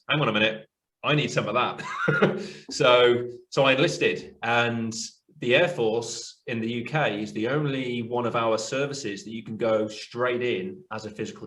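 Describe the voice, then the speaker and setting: A British man, a coach and former forces fitness instructor, chatting over a video call in a quick, excitable way. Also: medium pitch. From United Kingdom. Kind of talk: casual video call chat.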